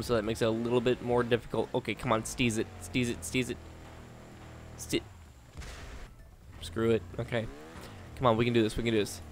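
Narrating his own gameplay live, a gaming channel host speaks at an ordinary middle pitch, muttering encouragement under his breath before bursting out in frustration at the game. His talk to himself and the game is loose and chatty, full of coaxing and complaints, with a little hiss or hum on the audio.

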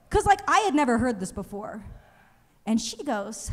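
A young woman doing a stand-up comedy set, telling animated stories and acting out other people's voices. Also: a little high, normal speed. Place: comedy stage in a museum venue. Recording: live show in a reverberant hall.

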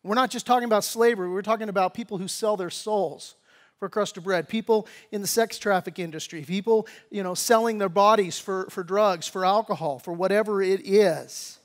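A man preaching a sermon as pastor, reading scripture and breaking into casual, slangy asides, rising and pressing when he exhorts. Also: a little fast. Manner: conversational preaching, grows louder and higher when exhorting.

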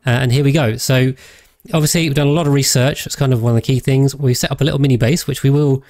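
A man's voice: medium pitch, fairly even intonation, fast talker, a little mellow, no room sound. A man chatting casually on a livestream while playing a game, rambling with frequent hesitations and self-corrections. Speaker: game streamer.

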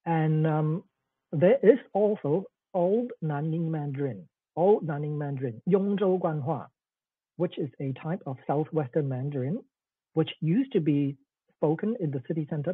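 A man's voice: on the high side, lively intonation, moderate pace, breathy edge, no room sound. A man giving an online academic lecture, explaining with frequent "okay"s and fillers over a video call. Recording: tinny, dry phone-like call audio.

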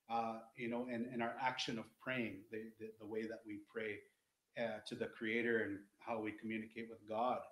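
Earnest guy explaining stuff, rambly, mid-pitch voice, echoey room. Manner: earnest, rambling, with many restarts. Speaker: Indigenous educator. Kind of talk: informal teaching talk.

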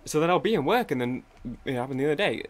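A young man with a fairly high, animated voice talks very fast while playing a video game. A gaming YouTuber, he rambles casually, swears freely and keeps cutting himself off mid-sentence.

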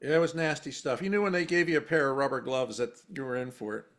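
A man's voice: mid-range voice, fairly even intonation, quick pace, a bit bright. A man hosting a casual video chat, easygoing, dropping brief wry comments. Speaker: host.

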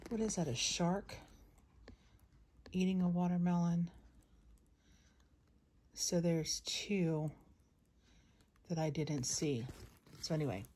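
A woman's voice: lowish voice, slow pace, pauses often, warm tone, breathy edge. A woman vlogging a shopping haul to her phone at home late at night, tired and out of breath, rambling and chatty with laughs in between. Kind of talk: casual chat to camera. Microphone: phone camera.

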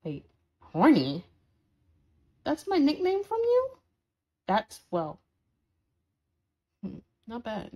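Woman voicing a sarcastic demon girl for a listener role-play; a highish voice, scolding and dramatic. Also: huge pitch swings, slow, long pauses, a little mellow, heavily acted. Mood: flustered indignant. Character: sarcastic horned female demon, bratty and scolding.

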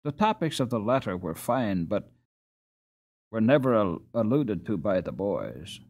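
A man reading a children's classic aloud as an audiobook narrator, in a slow, deliberate manner. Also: fairly low pitch, big pitch swings, a little mellow, slightly rough. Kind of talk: scripted narration.

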